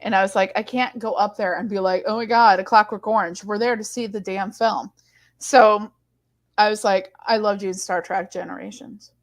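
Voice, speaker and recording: A woman's voice: mid-range voice, moderate pace. Chatty woman telling a story. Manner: animated storyteller, many restarts. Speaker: co-host. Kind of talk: casual chat.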